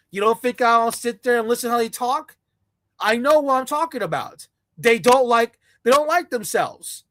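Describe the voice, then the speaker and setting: Woman commentator: bright, sharp, scornful, dry close mic. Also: high voice, no echo. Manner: scornful, blunt, mocking. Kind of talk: ranting commentary.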